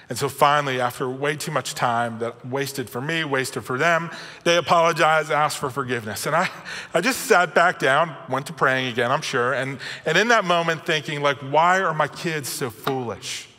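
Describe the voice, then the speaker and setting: Middle-aged male pastor, bright and slightly high, chatty self-mocking sermon, long hall reverb. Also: moderate pace. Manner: conversational, self-deprecating storytelling. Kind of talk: sermon with personal stories.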